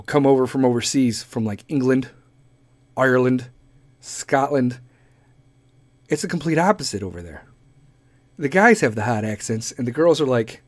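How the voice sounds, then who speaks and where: A man's voice: medium pitch, no echo. A man hosting a podcast, delivering a crude, rambling comedic monologue and laughing often. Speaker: podcast host.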